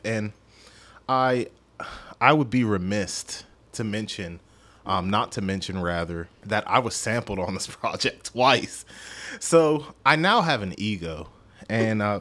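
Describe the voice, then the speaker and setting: A man's voice: on the low side, lively intonation, unhurried, a bit bright. A man hosting a podcast, chatting casually through a music review in a rambling, self-deprecating way and stumbling over his words. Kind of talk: casual solo review chat.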